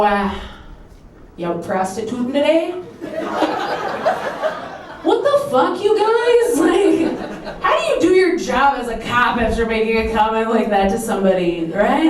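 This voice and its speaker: A young adult woman from Minnesota doing a stand-up comedy set in a comedy club, playful and animated, jumping up to high exclamations. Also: slight background noise. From Minnesota, USA. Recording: roomy club sound from a distance. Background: audience laughter.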